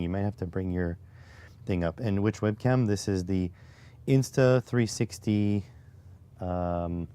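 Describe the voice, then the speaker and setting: This man's voice sits low, with a dark, clear, resonant tone. He runs a laid-back live stream while coding, losing his voice and talking under his breath between chat replies, captured by a clip-on microphone near his chest.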